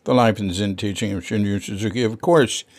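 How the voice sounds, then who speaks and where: A man narrating an audiobook in a measured, even reading style. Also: lowish voice. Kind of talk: scripted narration.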